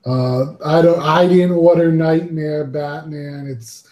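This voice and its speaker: A man hosting a casual collectors' panel talk, relaxed and laughing easily as he gives shout-outs. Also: a little high, takes it slowly. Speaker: podcast host. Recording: roomy echo.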